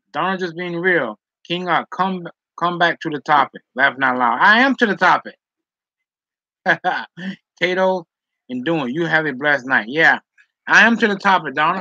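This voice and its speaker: A man's voice: fairly high pitch, sharp tone, no echo, lo-fi sound. A man hosting a live stream, reading chat and giving dating advice in a preachy way, often tagging on "okay?" and "all right?".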